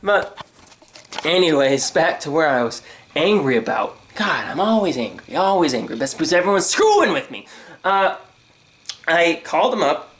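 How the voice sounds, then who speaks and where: A young man with a fairly high voice and moderate pace rants comedically to his new camera, full of sarcasm. The vlogger is animated and mimics others in silly voices, all captured by the camera's built-in microphone.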